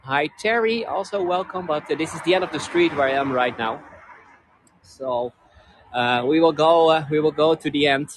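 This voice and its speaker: A man's voice: a little high, normal speed. Chatty Dutch man guiding outdoors. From Netherlands. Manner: chatty and friendly, many restarts. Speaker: tour guide. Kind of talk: live-streamed walking tour. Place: street outdoors in a cold town.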